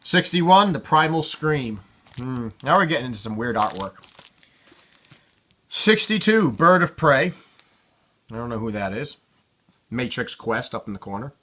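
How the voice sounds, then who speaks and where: Male collector, casual show-and-tell commentary, offhand and cussing, crisp forward tone. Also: mid-range voice, big pitch swings, measured pace, long pauses, pushed and bright. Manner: offhand and irreverent, swears freely. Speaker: comic collector showing his collection.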